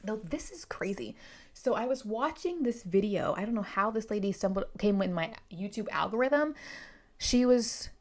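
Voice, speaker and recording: A book reviewer with an American East Coast accent chats casually to camera about a book, wandering into tangents and laughing easily. Her middle-pitched voice has lively intonation and moves at a normal speed.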